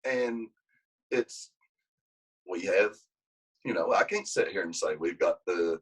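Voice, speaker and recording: Deep, slow, and husky, the coach's voice comes across a low-quality recording. In the interview he tells a long, rambling story full of restarted sentences, growing lively when he acts out quotes.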